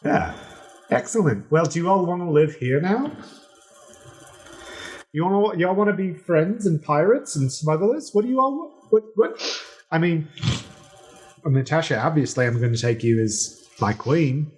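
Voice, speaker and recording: A man putting on a gushing, high-voiced pirate king. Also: animated, unhurried, pauses often, darkish tone. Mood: boastful, eager. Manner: gushing, over-friendly, casual slangy talk. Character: boisterous, effusive pirate king, adult man. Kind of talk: tabletop role-play character voice.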